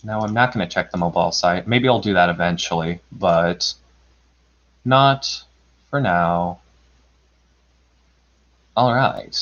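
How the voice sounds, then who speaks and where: A man at a home computer microphone, talking his way through a live stream at an unhurried, drawn-out pace. He rambles as he narrates whatever he is doing on screen and pokes fun at himself. The audio is dull and lo-fi. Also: deep voice, fairly bright tone. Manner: self-deprecating, chuckles often. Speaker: live storybook reader. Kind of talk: casual livestream chat.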